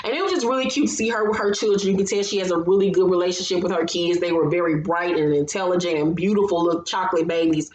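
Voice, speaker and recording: A woman's voice: on the low side, quick pace, few pauses, slight background noise. Chatty woman recapping reality TV, echoey room. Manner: chatty and opinionated, retells scenes with asides. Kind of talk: casual episode recap commentary.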